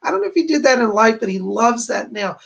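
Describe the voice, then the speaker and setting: A man's voice: very high-pitched, expressive, quick pace, vocal fry, fairly bright tone. A man hosting a livestream, chatting casually as he reads viewers' messages aloud and gives psychic readings. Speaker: psychic medium host.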